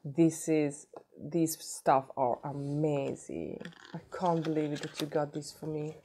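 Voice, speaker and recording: A woman's voice: low-pitched, level tone, takes it slowly, warm tone, a little hiss or hum. A woman opening a gift box for her vlog, gushing and emotional, repeating her words. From Sweden. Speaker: beauty vlogger. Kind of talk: unboxing vlog.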